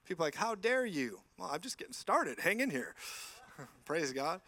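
A man's voice: on the high side, sing-song, moderate pace, pushed and bright. A man preaching a sermon in church, telling stories animatedly and acting out the dialogue.

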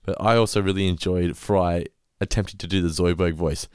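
Podcast host, male, very low voice, dry close sound, chatty quiz delivery. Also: fairly even intonation, a little fast, clear, resonant tone, no room sound. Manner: chatty, stumbles and restarts, quizzes his co-host. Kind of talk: casual podcast chat.

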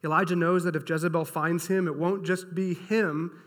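A man preaching a sermon as pastor, telling a scripture story in an energetic, casual and animated way. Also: a little high, normal speed. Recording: long hall reverb.

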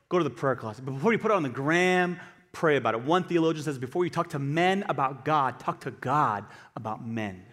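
A male pastor giving an animated sermon, swinging between quiet asides and loud emphatic bursts. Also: mid-range voice, normal speed. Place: church hall. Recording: long hall reverb.

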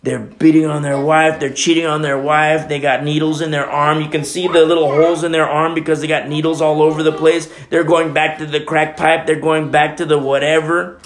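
A man's voice: on the high side, little pitch movement, fairly quick, reverberant, a little hiss or hum. A man preaching a sermon as pastor, with emphatic, repetitive, conversational delivery. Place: church.

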